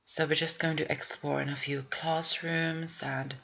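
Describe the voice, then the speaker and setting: Low, gravelly woman narrating gameplay. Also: level tone, unhurried, fairly bright tone. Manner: rambling, chatty, thinks aloud. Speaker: video game walkthrough player. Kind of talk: casual gameplay commentary.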